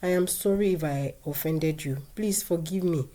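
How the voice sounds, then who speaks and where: A woman voicing a patient young wife in a storybook tale, soft and pleading yet firm. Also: on the low side, moderate pace, close to an everyday voice. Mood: gentle.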